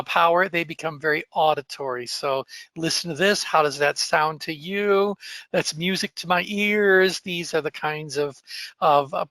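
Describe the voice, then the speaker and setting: A man's voice: fairly high pitch, pushed and bright, dry recording. A middle-aged man teaching a coach training lesson in a conversational, explanatory way with frequent ums and uhs. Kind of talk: recorded training lecture.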